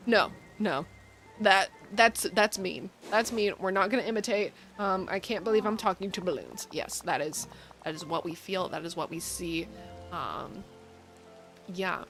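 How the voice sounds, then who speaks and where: A woman's voice: mid-range voice, animated, moderate pace, a bit bright, faint music behind, low-quality recording. A young woman from the United States chatting in a rambling way, with plenty of ums and likes, as she streams a cozy game. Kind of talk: casual live-stream chat while playing.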